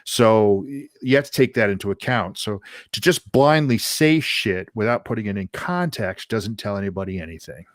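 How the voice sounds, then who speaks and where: Man, panel host, low voice, dry sound, emphatic, blunt. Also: animated, moderate pace, dry recording. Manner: emphatic, blunt, swears when annoyed. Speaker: podcast co-host. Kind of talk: casual panel chat.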